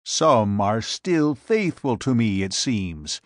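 A hulking usurper warrior taunts and mocks in a gruff voice, as a man puts him on while reading aloud. The pace is slow and weighty. The sound is dry and close. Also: mid-range voice, big pitch swings, no room sound. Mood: gruff, taunting. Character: giant male usurper warrior, defiant and mocking. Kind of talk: audiobook narration.

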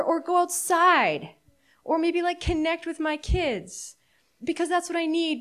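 A middle-aged woman preaching a sermon, earnest and candid, reflective, with halting restarts. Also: a little high. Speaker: pastor.

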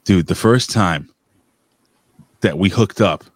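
A man's voice: deep voice, slow pace, dry recording, studio quality. A man with a New York accent, co-hosting a stream and telling rambling, profane stories in casual chat. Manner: animated storyteller, profane, rambling. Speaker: stream co-host.

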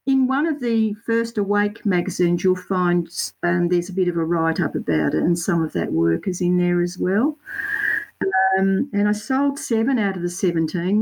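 A woman's voice: on the low side, darkish tone, poor audio. An Australian woman, a guest artist, telling her story in a rambling, self-correcting way with local slang. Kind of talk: casual interview chat.

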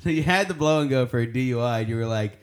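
A man co-hosting a casual podcast, cutting in with quick questions. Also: medium pitch, lively intonation. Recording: loud background noise.

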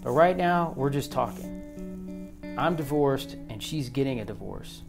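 A man's voice: mid-range voice, expressive, a little slow, gravelly, music in the background. A man playing an intense father who coaches his son's football team, in a spoken story. He is dry and wry with his friend, firm and commanding with the players.

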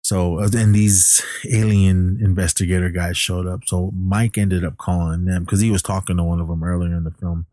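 Deep, dark-voiced man rambling through a movie recap. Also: level tone, moderate pace, hardly any pauses, no room sound, studio quality. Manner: rambling, many fillers and restarts. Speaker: film recapper. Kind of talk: casual movie plot recap.

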